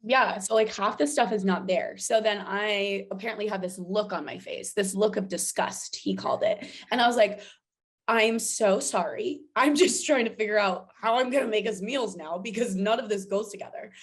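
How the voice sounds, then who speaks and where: A woman's voice: mid-range voice, normal speed. A woman guest on a podcast, telling a personal story in casual chat and animatedly acting out the dialogue she quotes.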